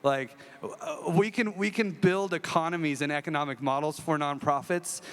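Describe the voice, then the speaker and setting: Emphatic, blunt man with a clear voice. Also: fairly high pitch, moderate pace, a bit bright. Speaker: judge on a panel. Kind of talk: panel self-introduction. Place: large conference hall stage. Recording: reverberant large hall.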